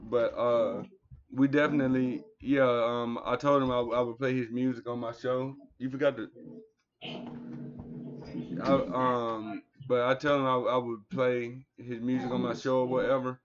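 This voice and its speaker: A man's voice: medium pitch, flat delivery, unhurried, crowd noise. A man hosting a livestream show, signing off casually in a loose, rambling way. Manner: loose and rambling, full of fillers and restarts. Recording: dull, lo-fi audio.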